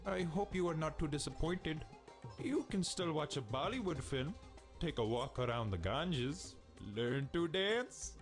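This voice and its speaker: A fussy, fatalistic game program, polite but quick to panic. His high voice jumps around a lot, with game music playing behind.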